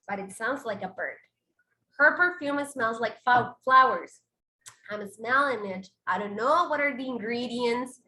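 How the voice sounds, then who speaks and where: This woman's voice is high and bright, and the room around her echoes. A native Spanish speaker teaching English online, she takes her time explaining and blends both languages.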